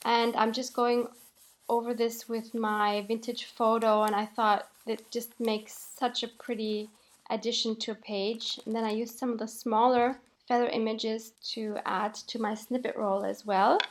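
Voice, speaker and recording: A woman calmly narrating a voiceover for her crafting video, explaining each step with light laughs. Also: fairly high pitch, a little slow. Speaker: craft channel host.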